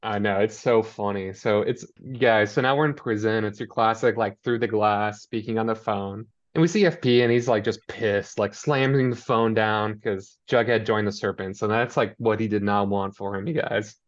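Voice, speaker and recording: A man's voice: fairly low pitch, moderate pace, few pauses, muffled recording. A man co-hosting a podcast, recapping a TV episode in casual, rambling chat and paraphrasing the characters. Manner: rambling, quotes characters, laughs often. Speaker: podcast co-host.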